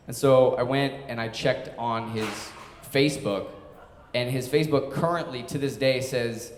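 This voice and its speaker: A man in his twenties tells a story live on stage in a loose, chatty way, laughing as he goes. His voice sits at a middle pitch and rings out with a long reverb through a large hall. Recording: echoey hall.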